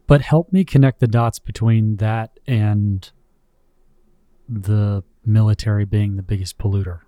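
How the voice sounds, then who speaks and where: A man's voice: lowish voice, steady tone, unhurried, dark tone, no room sound. A male interviewer challenging his guest with pointed questions. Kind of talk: podcast interview.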